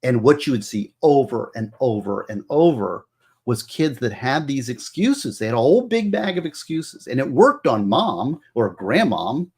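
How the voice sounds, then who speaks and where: A man's voice: medium pitch, very animated, normal speed, darkish tone, husky. A middle-aged man, a former prosecutor, giving earnest advice in casual talk, lecturing with many restarts. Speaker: former juvenile prosecutor, guest.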